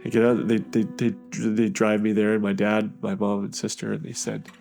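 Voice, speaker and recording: A man from Canada telling his personal testimony in a halting, conversational way, with frequent restarts and fillers. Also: on the low side, completely flat delivery, gravelly, darkish tone, faint music behind. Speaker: guest sharing his testimony.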